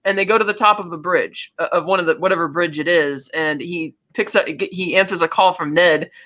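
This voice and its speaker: A man co-hosting a podcast, casually retelling a film plot in a rambling, animated way. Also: high voice, brisk, lo-fi sound. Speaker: podcast co-host. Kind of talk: casual chat, film recap.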